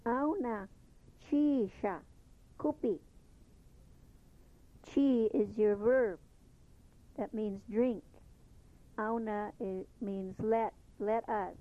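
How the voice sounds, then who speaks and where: A woman teaching a language lesson, patiently repeating each phrase slowly before explaining it. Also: mid-range voice, steady tone. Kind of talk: slow spoken language lesson. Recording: tinny phone-like lo-fi recording.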